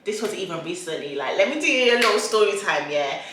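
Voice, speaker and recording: A woman's voice: medium pitch, lively intonation, fast, noisy background. A young woman chatting casually and sassily as a content creator, slipping into little voices for quotes. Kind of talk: casual chat while eating. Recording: very echoey room.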